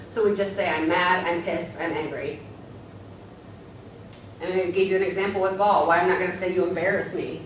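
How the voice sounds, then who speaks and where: A woman counselor teaching a staff training in a relaxed, conversational way, often tagging her points with "right?". Her voice sits at an ordinary pitch for a woman. It is picked up from a distance in a large, very echoey room, with faint noise underneath. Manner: casual, tags points with "right?".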